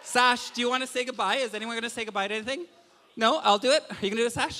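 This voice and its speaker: Campy drag queen turning forty, bright and high. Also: fast. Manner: campy, bawdy, self-mocking, giggling. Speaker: drag performer, guest of honor at her roast. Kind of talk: live roast stage banter. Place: live comedy venue with audience. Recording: hall reverb of a live venue.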